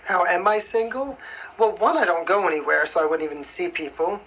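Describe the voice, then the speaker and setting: Young woman singer, bright voice, chatty phone live-stream Q&A, rambling, faint background noise. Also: fairly low pitch, a little fast, low-quality recording. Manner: chatty and rambling, full of "like" and "you know". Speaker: singer answering fan questions.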